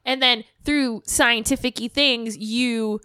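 A woman's voice: fairly high pitch, fairly even intonation, slow, pushed and bright, smooth, dry recording, studio quality. A young woman chatting casually as a podcast co-host, rambling and laughing often. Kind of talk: casual chat.

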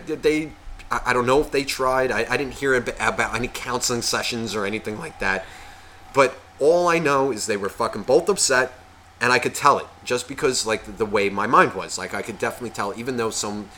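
A man co-hosting a comedy podcast, with a bright, forward voice. He rambles and curses nonstop, restarting sentences as stories tumble out. A faint hiss sits under his voice. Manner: profane, rambling storyteller; mimics relatives in a high, gushing voice. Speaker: podcast co-host. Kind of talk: casual comedic chat.

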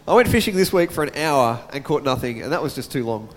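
A man's voice: medium pitch, lively intonation, fast talker. A man preaching a sermon and reading scripture, chatting casually with his congregation between verses. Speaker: pastor. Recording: long hall reverb.

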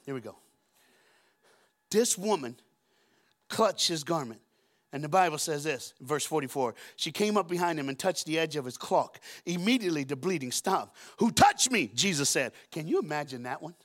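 Animated man preaching a sermon. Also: on the high side, moderate pace. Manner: animated storytelling, acts out Bible voices with humor. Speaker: guest preacher. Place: church auditorium.

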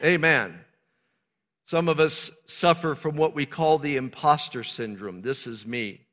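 This older man is a pastor delivering a conversational sermon, with regular calls of "Amen" and self-deprecating asides. He has a fairly high, somewhat bright voice and speaks a little slowly. The sound carries the long reverb of a large hall.

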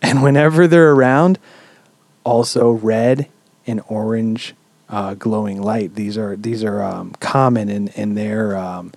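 A man hosting a podcast, telling a story in a relaxed, chatty way with lots of "um"s and casual swearing. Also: fairly low pitch, takes it slowly, gravelly, no echo. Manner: relaxed, swears freely, many "um"s. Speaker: podcast host.

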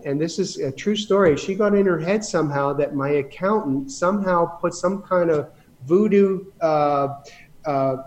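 A man's voice: on the high side, darkish tone. A man telling rambling stories about running his business in a casual interview, with many restarts. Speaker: guest.

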